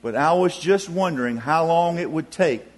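A man voicing a loving old grandmother, gentle and tender. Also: fairly high pitch, animated, moderate pace.

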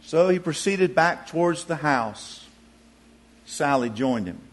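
Man, preacher, sermon storytelling, folksy, very lively, slow. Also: fairly high pitch. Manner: folksy and expressive.

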